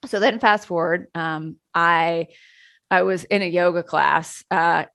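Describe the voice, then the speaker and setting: Middle-aged woman guest, deep and a bit gravelly, animated storyteller who laughs often, dry sound. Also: slow pace, no room sound. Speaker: channeler, interview guest. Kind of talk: conversational storytelling.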